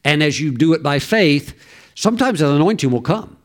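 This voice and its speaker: Fervent male pastor, slightly high voice. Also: animated, a little fast. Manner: storytelling preacher who exhorts and laughs loudly. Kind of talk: sermon.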